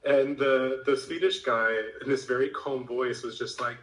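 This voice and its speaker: Chatty American man, bright echoey sound. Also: mid-range voice, steady tone, moderate pace, hardly any pauses. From United States. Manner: rambling storyteller, many fillers. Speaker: HR professional guest. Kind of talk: casual conversation.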